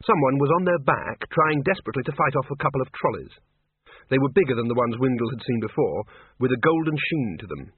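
A man narrating a story in an expressive reading voice, on a tinny lo-fi recording. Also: medium pitch, fairly quick, husky, no echo. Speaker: audiobook narrator. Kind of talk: scripted narration. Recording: tinny phone-like lo-fi, dry.

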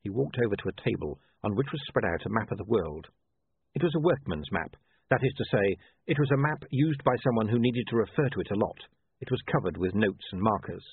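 A man reads a story aloud with dry wit and a lively, expressive rise and fall. His voice is husky. The sound is dry and narrow, like it is coming through a phone line. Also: lowish voice, brisk, no room sound. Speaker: audiobook narrator. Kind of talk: expressive scripted narration.

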